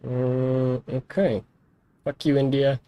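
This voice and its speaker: A man's voice: medium pitch, monotone, slow pace, dark tone, smooth, low-quality recording. Man role-playing a diplomat on stream. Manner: shifts into a mock diplomat voice, repeats "my friend". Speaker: streamer playing Pakistan's leader. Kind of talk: live-streamed political role-play game.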